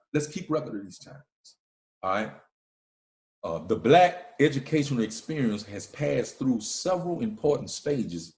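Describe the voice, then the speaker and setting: A man's voice: mid-range voice, a little mellow. Guy giving a fired-up lecture, keeps checking in with the crowd, roomy echo. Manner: emphatic, repeats "all right?" to the listeners. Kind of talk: preaching lecture.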